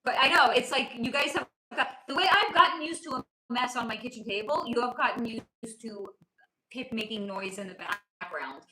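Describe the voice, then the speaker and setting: American woman, livestream host, high and bright, rambling and swearing, roomy sound. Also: normal speed. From United States. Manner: animated, swearing, rambling asides. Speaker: psychic reader on a livestream. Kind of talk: casual livestream chat.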